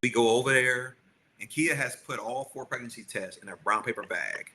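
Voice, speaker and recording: A man co-hosting a podcast, telling a family story in a lively, animated way and acting out the quotes. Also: mid-range voice, normal speed, slight background noise, rough recording. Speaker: podcast co-host. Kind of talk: storytelling chat.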